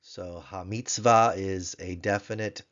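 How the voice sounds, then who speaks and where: A man with a very low voice teaches a grammar lesson, spelling words out patiently and repeating them. The recording sounds dull and a little lo-fi. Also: steady tone, unhurried, fairly bright tone.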